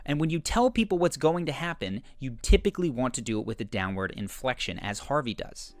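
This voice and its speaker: A man narrating a scripted video essay that explains confident behavior, in a measured, explanatory way. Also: medium pitch, very animated, no echo. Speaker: commentator analyzing a TV character.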